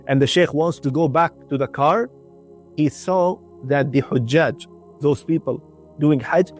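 A man narrating a devotional story in an earnest way, often repeating phrases for emphasis. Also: fairly high pitch. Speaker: religious storyteller on radio.

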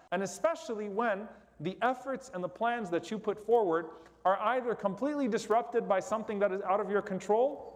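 A man giving a sermon, slowly explaining and repeating a supplication line by line. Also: high voice, big-room sound.

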